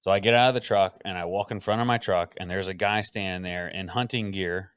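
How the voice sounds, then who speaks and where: A man with a fairly low voice recounts a story on his podcast in a loose, conversational way. He gets animated, acts out what people said and swears without holding back. The recording sounds close and dry, with no room sound. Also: fairly quick, clear, resonant tone, dry recording. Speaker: podcast host. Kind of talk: casual storytelling chat.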